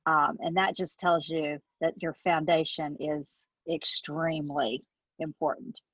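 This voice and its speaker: A woman with a Southern US accent hosting a podcast, warmly affirming her guest. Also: low-pitched, fairly even intonation, a little slow, slightly rough, dry recording, lo-fi sound. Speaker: podcast host. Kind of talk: casual podcast conversation.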